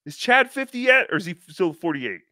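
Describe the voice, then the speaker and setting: A man hosting a podcast, talking casually with an animated, sarcastic delivery. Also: high-pitched, a little fast, no echo, studio quality. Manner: animated, sarcastic, mocks with impressions. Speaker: podcast host. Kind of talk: mocking casual chat.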